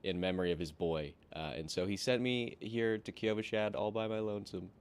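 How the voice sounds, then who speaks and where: A man hosting a game stream, teasing his co-host and spinning deadpan stories. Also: on the low side, a little fast, clean tone. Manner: teasing, deadpan storytelling with many fillers. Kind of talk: casual in-character banter.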